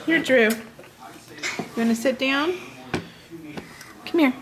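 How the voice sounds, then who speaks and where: A woman's voice: high voice, takes it slowly, long pauses, noisy background. A woman filming a home video at snack time, talking to her small children in cooing, sing-song baby talk.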